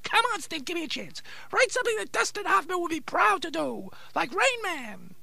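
A man's voice: big pitch swings, moderate pace, bright, forceful tone, dry recording, heavily acted. A man voicing a big-mouthed male wooden ventriloquist's dummy in a comedy podcast routine, whiny and theatrical. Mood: pleading. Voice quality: squeaky, gravelly.

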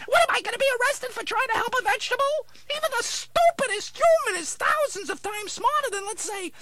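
A man voicing a cranky male dummy who plays a vegetable therapist, gruff, impatient and sarcastic. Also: very high-pitched, lively intonation, moderate pace, bright, forceful tone, pitched above the performer's own voice, exaggerated voice. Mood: snappish. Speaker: ventriloquist's dummy. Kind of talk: ventriloquist comedy routine.

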